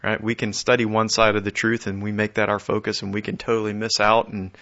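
A man preaching a conversational sermon. He often restarts and repeats his words and chuckles softly. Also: fairly low pitch, flat delivery, brisk. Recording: dull lo-fi audio.

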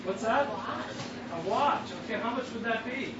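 A man's voice: very high-pitched, animated, a little slow. A man preaching an interactive sermon, playfully bantering with the audience in a large hall. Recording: distant, echoey, dull and noisy room recording.

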